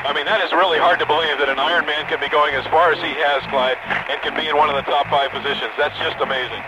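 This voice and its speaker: A man calls a race live for radio, quick and pitched a little high, stumbling over fillers as he juggles reports. Loud engine roar sits right under his voice from the aircraft he rides in. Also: fairly even intonation, noisy background. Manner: brisk, hesitant with fillers. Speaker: radio play-by-play host.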